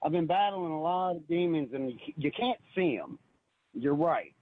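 Over a phone line, a man calls in to a radio show with an earnest, emotional personal story, repeating himself often. His voice is on the high side and expressive, at a normal speed, with no room sound.

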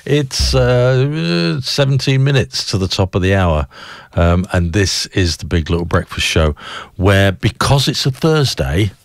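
A man's voice: fairly low pitch, expressive, unhurried, creaky. A man hosting a breakfast radio show, chatty and enthusiastic, rambling as he reads poems. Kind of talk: casual radio chat and poem reading.

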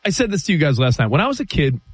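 A middle-aged man from the US East Coast co-hosting a casual sports talk show, telling animated stories and laughing easily. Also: on the high side, breathy edge, no room sound. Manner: animated, storytelling, quick to laugh.

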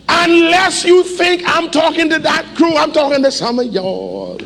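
A male pastor preaching a sermon, animated, with call-and-response and sudden shouts, in a church. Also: very high-pitched, unhurried, vocal fry, few pauses, slight background noise. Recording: echoey hall, faint ambience.

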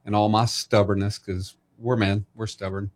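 A man's voice: lowish voice, little pitch movement, moderate pace. A middle-aged man hosting a casual interview, speaking earnestly and encouragingly about faith and family. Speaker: host.

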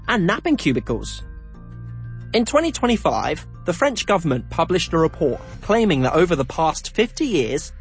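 A man narrating a documentary in a scripted, personal way. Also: a little high. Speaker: documentary presenter.

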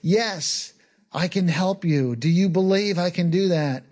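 A calm, assuring divine voice calling up from far below, as a preacher puts it on, pitched a little above his usual talk. It speaks in an even, steady way. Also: a little slow. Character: calm divine voice offering rescue.

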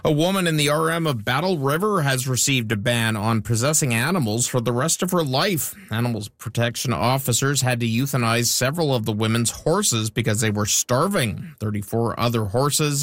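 A man reading radio news in a steady, scripted delivery. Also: medium pitch, moderate pace, few pauses, no echo, studio quality. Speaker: newsreader. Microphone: studio microphone.

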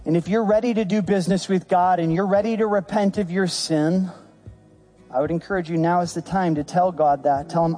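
A man's voice: high-pitched, steady tone, moderate pace, dark tone, soft background music. A man preaching a sermon as pastor, earnest and emphatic.

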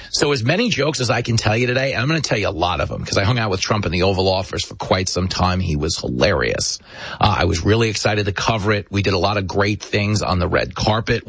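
Husky-voiced man, emphatic commentary host. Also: fairly low pitch, no echo. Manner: emphatic, sarcastic, animated storyteller. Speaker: talk show host. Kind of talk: political commentary monologue.

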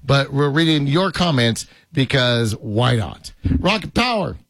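A man's voice: medium pitch, sing-song, measured pace, a bit bright, dry recording. A man hosting a podcast in a jokey, rambling casual chat, laughing often. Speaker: podcast host.

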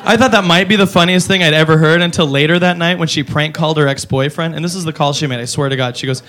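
A man's voice: on the high side, fast, few pauses, a bit bright. A man doing a stand-up comedy set, exasperated and profane, talking straight to the crowd.

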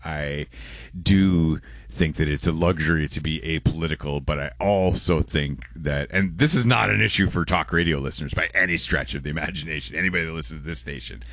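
A young man, hosting call-in talk radio, quick and loose as he reads listener texts aloud. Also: extremely low pitch, fairly bright tone, dry recording. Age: young adult. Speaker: radio host. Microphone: close studio microphone.

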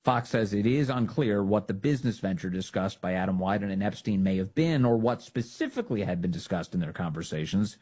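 A man's voice: lowish voice, animated, a little fast, hardly any pauses, mellow, husky. A man hosting a political commentary show, reacting to news clips in a mocking, opinionated way. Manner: mocking, laughs at his own jokes.

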